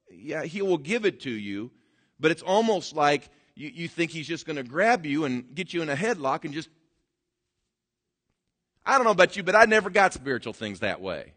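A man preaching a sermon, animated, swinging between loud emphatic bursts and quiet, drawn-out words. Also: fairly high pitch. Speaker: pastor.

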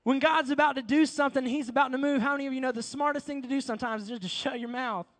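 A man preaches in a large hall, his very high voice trailing off in long reverb. He tells the story in a lively, slangy way and acts out the dialogue as he goes. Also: rapid-fire. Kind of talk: sermon.

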